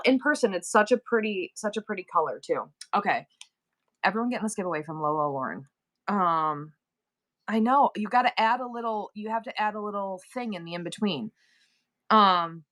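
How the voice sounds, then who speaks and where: A woman in her forties selling on a live stream, chatting casually and practicing rapid auctioneer-style number chants. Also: mid-range voice, animated, fairly bright tone.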